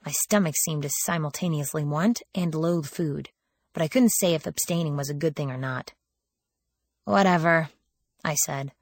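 A woman's voice: sits low, breathy edge, no room sound. A woman reading a first-person audiobook in a wry, sardonic storytelling manner, lifting her voice for quoted lines. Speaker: audiobook narrator.

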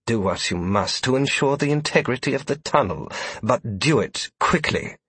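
A man's voice: mid-range voice, expressive, normal speed, fairly bright tone, breathy edge, dry recording, pitched above the performer's own voice. A man voicing a haughty, scheming male noble envoy who gives orders in a clipped, imperious, seething tone. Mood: commanding.

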